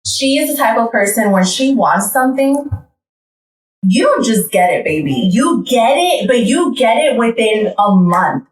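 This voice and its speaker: A woman co-hosting a podcast, chatting casually and praising a friend emphatically with drawn-out phrases. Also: on the high side, big pitch swings, recorded from a distance. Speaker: podcast co-host. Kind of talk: casual chat among friends. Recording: roomy echo.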